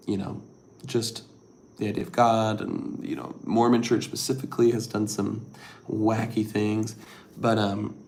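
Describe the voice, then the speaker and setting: A middle-aged man with a lowish, gravelly voice hosts a casual livestream, talking softly and rambling through viewer comments with plenty of ums and likes. A faint hiss of noise sits behind him. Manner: rambling, soft-spoken, with many fillers. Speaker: livestream host.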